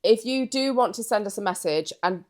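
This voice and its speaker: A woman co-hosting a podcast, telling stories in a lively, giggly casual chat. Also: medium pitch, a little fast. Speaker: podcast co-host.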